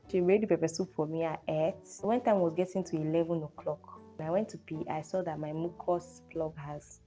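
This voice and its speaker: A young woman with a Nigerian accent, telling a personal story in a lively vlog style full of exclamations. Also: lowish voice. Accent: Nigerian English. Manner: animated storyteller, exclamations like oh and hey. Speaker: vlogger. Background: faint guitar music.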